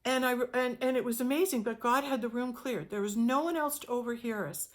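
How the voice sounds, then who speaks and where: A middle-aged woman telling a personal spiritual story in an earnest, halting way, often repeating words as she goes. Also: on the high side. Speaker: spiritual teacher sharing a testimony.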